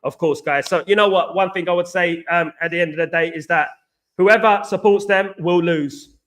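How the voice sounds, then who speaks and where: A man from East London, England hosts a football fan show on a live stream, chatting casually in a high, slightly bright voice with fairly even intonation and a moderate pace. He repeats himself, reads out viewer comments and says "absolutely" a lot.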